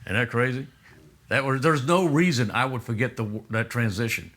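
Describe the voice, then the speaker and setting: A man with a Texas accent, telling a rambling story as a guest in a casual interview, with many halting restarts. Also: mid-range voice, fairly bright tone. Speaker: musician guest.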